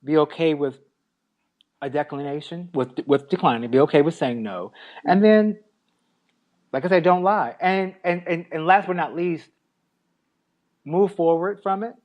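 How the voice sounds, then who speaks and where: Higher-pitched man giving relaxed advice. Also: measured pace, pauses often, muffled recording. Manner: relaxed, gives advice point by point with light laughs. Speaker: podcast co-host. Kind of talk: casual podcast chat.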